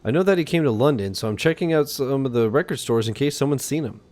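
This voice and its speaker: A man's voice: mid-range voice, animated, fast talker, a little mellow, close to an everyday voice. Man doing a polite young heroine. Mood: inquisitive. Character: curious young woman detective heroine, polite.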